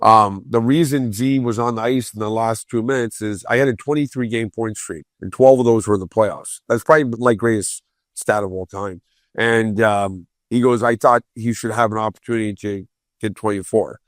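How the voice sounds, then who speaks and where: A man, a former pro hockey player, telling profane, animated stories as a podcast guest and acting out other people's voices. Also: lowish voice, normal speed, no echo, studio quality. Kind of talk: casual storytelling on a podcast.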